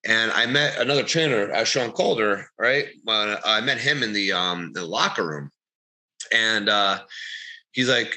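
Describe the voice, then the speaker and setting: Very bright-voiced man telling stories. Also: on the low side, normal speed, rough recording. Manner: rambling, animated storytelling, swears. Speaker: podcast co-host, bodybuilder. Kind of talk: casual podcast chat, storytelling.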